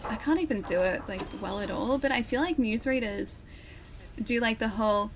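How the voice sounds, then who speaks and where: A woman chats casually while streaming a game, her voice sitting a little high. She laughs often and greets her viewers by name. A faint hiss runs under the recording. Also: normal speed.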